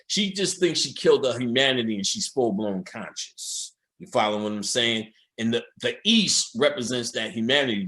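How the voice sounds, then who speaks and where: A man giving an informal occult lecture as he talks over a film. His pitch swings widely as he speaks, and he swears freely while addressing his viewers directly. The delivery is emphatic and loose rather than polished. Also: fairly bright tone. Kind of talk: casual commentary over a film.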